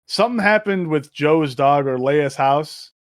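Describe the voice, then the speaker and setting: A man's voice: fairly high pitch, measured pace, noisy background. A young man, a podcast guest, telling stories in casual chat, swearing often and laughing as he talks. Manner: profane, laughing, animated storyteller.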